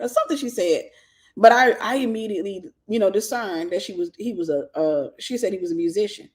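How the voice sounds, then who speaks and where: A woman's voice: medium pitch, fairly quick. A woman hosting a casual advice talk for viewers, telling stories and acting out the voices of the people in them. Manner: animated storytelling, acting out quoted voices. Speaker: host.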